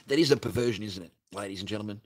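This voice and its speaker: A man's voice: fairly low pitch, racing, husky. A man hosting a livestream, ranting crudely and laughing as he reads out viewer messages. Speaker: livestream host reading superchats. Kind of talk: crude casual livestream rant.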